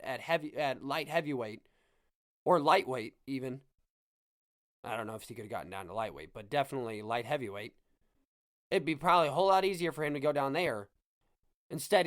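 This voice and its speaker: Animated, rambling male podcast host. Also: fairly high pitch. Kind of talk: casual sports talk.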